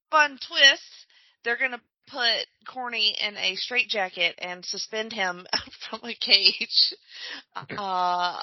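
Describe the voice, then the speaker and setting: A woman's voice: medium pitch, no echo. Giggly woman podcaster, dull dry audio. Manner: laughs often while recounting. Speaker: podcast co-host. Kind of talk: casual chat.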